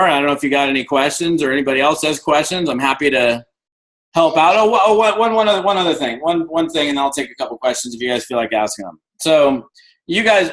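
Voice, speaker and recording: Man, 50s, guest speaker, energetic storyteller, video call audio, slightly high voice. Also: rough recording. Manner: energetic storyteller, acts out dialogue. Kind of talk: motivational talk on a video call.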